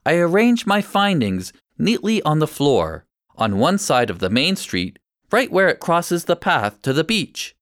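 Male audiobook narrator, first-person story, measured and clear, animated pitch, dry close sound. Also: no echo.

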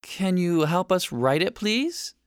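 A man's voice: on the high side, wildly swooping pitch, moderate pace, fairly bright tone, dry recording, clean studio sound, voice pushed up. A man voicing an eager, enthusiastic young girl in a storybook reading.

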